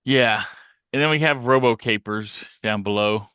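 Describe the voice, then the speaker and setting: A man's voice: lowish voice, normal speed, pushed and bright, smooth, no echo, studio quality. A man co-hosting a podcast, chatting casually and jokingly about comics. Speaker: podcast co-host.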